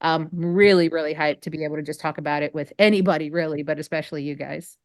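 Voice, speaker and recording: A woman's voice: low voice, fairly even intonation, fast, dry recording, clean studio sound. A woman joining a panel over a video call, chatty and bubbly, with many fillers. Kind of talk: casual chat on a video call.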